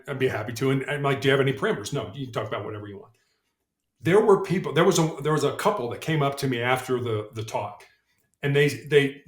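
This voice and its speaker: A middle-aged man, a motivational speaker and guest on a podcast, telling stories in an earnest way and often repeating words as he starts a sentence. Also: mid-range voice. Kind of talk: conversational storytelling interview. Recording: roomy echo.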